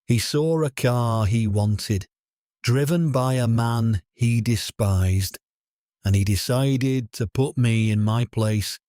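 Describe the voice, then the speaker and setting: Calm, stern old judge, slow and mellow, measured and cutting, as a male narrator puts him on. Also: medium pitch, dry recording, clean studio sound, natural voice. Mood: resolute.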